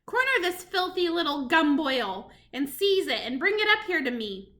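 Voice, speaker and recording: A woman voicing a vicious female witch leader who barks loud commands in a storybook reading. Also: high-pitched, sing-song, moderate pace, exaggerated voice. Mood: commanding. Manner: barking commands.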